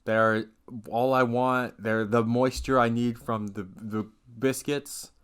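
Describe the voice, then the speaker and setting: Here the same kind of young podcast co-host speaks slowly and smoothly, his medium-pitched voice level and fairly bright. He keeps the casual chat going with dry, offbeat jokes.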